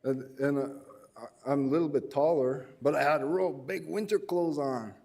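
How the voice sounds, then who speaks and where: Guy rambling thru a funny story, slightly high voice, keeps restarting. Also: normal speed, creaky, darkish tone. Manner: rambling, self-deprecating, with many restarts. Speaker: presenter at an education forum. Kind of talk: anecdotal storytelling talk.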